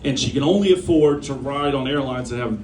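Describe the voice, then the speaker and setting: A man's voice: medium pitch, brisk, distant mic, noisy background. A man hosting a comedy night, telling bad jokes in a loose, chuckling way and acting out the people in them. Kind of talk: telling jokes at an open mic. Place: small bar venue with a live audience. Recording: roomy bar recording.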